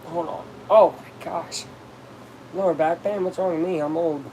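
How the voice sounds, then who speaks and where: A man casually commenting on a baseball game on a live stream, chatting with viewers and reacting loudly to plays. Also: on the high side, fairly even intonation, moderate pace, slight background noise.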